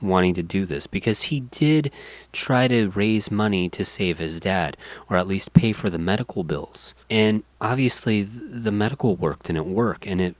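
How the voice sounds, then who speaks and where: A man's voice: lowish voice, no echo. A man hosting a gaming podcast, giving rambling casual commentary with lots of fillers. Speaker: podcast host.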